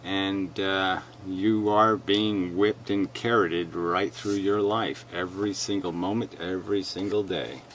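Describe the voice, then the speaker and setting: A man's voice: low-pitched, steady tone, measured pace, hardly any pauses, noisy background. A man hosting a video reaction, talking bluntly and emphatically as he argues his point. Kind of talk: argumentative commentary.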